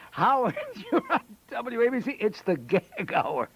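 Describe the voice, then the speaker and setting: Male radio host, call-in show, amused, laughing exclamations, fairly high voice, lively swinging pitch. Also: normal speed, husky, dull audio.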